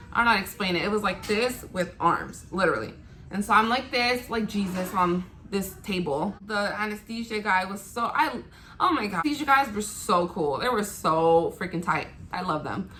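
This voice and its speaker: A woman's voice: medium pitch, sharp tone, slight background noise. A young woman vlogger telling a candid, casual story to her viewers, swearing freely and acting out what people said. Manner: candid, swears freely, acts out quoted lines.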